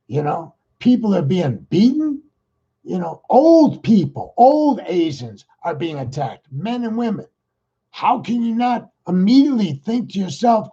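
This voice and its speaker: A man's voice: high voice, very animated, mellow, breathy edge, highs cut off. A man hosting his own podcast, talking in a rambling, exasperated political monologue. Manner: rambling, exasperated, talks fast. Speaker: podcast host.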